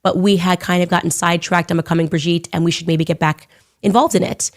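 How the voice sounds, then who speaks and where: A woman's voice: fairly low pitch, fairly even intonation, fast. Earnest, confiding woman podcast host. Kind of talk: podcast monologue.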